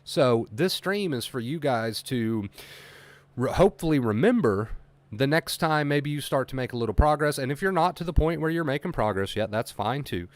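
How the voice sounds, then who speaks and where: A man's voice: mid-range voice, animated, normal speed, dry recording. A man talking earnestly as an anxiety recovery coach on a livestream, emphatic and repeating his key points. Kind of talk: motivational livestream talk.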